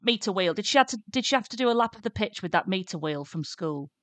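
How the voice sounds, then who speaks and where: Lively, joking woman podcast host. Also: mid-range voice, no room sound. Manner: playful, quick jokes. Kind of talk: casual chat.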